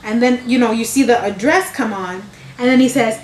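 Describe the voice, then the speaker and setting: A woman recounting a family anecdote in a loose, meandering way, often breaking off and restarting. She sounds amused by her own story. Her voice is a bit high, and the room around her is echoey. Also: moderate pace, noisy background. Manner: meandering, self-interrupting, amused. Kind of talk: casual storytelling.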